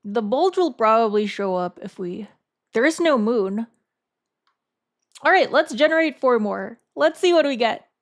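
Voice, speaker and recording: A woman's voice: fairly high pitch, lively intonation. Woman streamer thinking aloud. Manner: thinks aloud, halting with repeated words. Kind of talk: casual live-stream chat.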